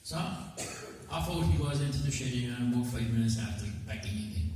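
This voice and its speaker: A man telling a comic folk tale to a gathering, animated when quoting characters. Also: moderate pace, slight background noise. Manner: animated, jumps high for quoted voices, chuckles. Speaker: storyteller. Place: community hall. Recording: echoey hall from a distance.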